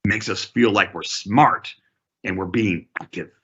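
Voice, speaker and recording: A man teaching a real estate negotiation class, coaching in a deliberate, emphatic way. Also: on the low side, fairly bright tone, breathy edge, muffled recording.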